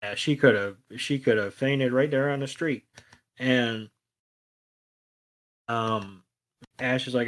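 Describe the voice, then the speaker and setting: A man's voice: medium pitch, fairly even intonation, takes it slowly, long pauses. A man co-hosting a podcast, recapping an episode loosely with plenty of fillers. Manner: rambling, loose delivery with many fillers. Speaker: podcast co-host.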